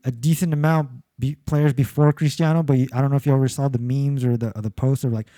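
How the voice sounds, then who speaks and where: A man's voice: mid-range voice, fairly even intonation, fast talker, mellow, no echo. A man co-hosting a casual sports podcast, rambling with restarts, swearing and laughing as he talks. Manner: rambling, profane, laughs at own jokes. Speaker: podcast co-host. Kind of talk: casual chat.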